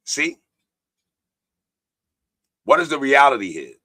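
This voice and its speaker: A man's voice: medium pitch, very animated, slow pace, sharp tone, dry recording. A man hosting a live-stream talk show, preaching profanely and reading viewer comments aloud. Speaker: podcast host.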